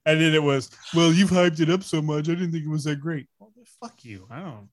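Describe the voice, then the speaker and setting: Excitable man in casual banter. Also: fairly high pitch. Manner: excitable, quick to joke and swear. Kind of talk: casual chat.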